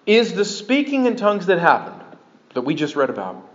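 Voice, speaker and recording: A man preaching a sermon as pastor, animated and breaking into joking asides to his congregation. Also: high voice, brisk, a little hiss or hum. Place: church sanctuary. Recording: dull lo-fi sermon recording.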